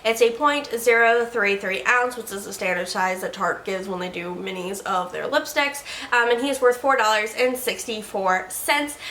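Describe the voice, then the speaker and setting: A woman's voice: mid-range voice, pushed and bright, echoey room, slight background noise. A woman hosting a casual beauty review vlog from her desk at home, chatting along and tripping over words now and then. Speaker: beauty vlogger host. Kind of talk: casual product review chat.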